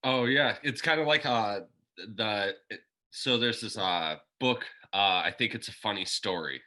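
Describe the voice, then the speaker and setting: A man's voice: lowish voice, measured pace, bright, forceful tone. A young adult man, a student, asking a question hesitantly with many fillers. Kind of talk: casual question.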